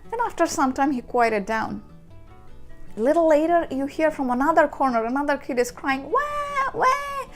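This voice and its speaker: A woman's voice: high-pitched, moderate pace, soft background music. A young woman vlogger from India telling a story straight to the viewer, acting out little quoted voices as she goes. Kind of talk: storytelling to camera.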